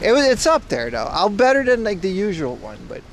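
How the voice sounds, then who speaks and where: Man, thirties, from Boston, livestreamer, rambling casual chat, slightly high voice, faint outdoor noise. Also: sing-song, fairly quick. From Boston, USA. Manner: loose, rambling, filler-heavy, jokey. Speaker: IRL livestreamer. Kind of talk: casual chat with stream viewers. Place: outdoors in Japan.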